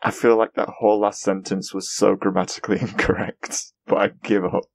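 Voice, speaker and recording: A man hosting a casual podcast, chatty and quick to laugh as he talks through an episode. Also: lowish voice, level tone, vocal fry, husky, no room sound. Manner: chatty, laughs often, mimics characters in quick asides. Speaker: podcast host.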